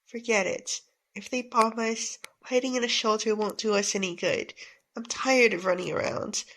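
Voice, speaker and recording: A woman's voice: fairly high pitch, moderate pace, low-quality recording. Woman reader playing a weary working-class dad, resigned. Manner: flat, tired, resigned. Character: weary poor working father.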